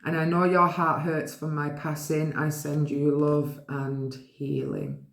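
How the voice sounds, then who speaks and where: A woman giving a pick-a-card reading, gently and affectionately reading the card messages aloud to her viewers. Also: low-pitched, level tone, slow, echoey room. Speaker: tarot card reader.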